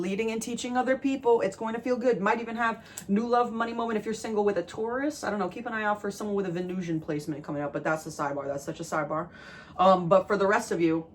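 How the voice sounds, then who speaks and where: Animated tarot-reading woman from New Jersey. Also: medium pitch. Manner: animated and emphatic, calls the listener "baby". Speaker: tarot reader. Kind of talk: spiritual tarot reading to camera.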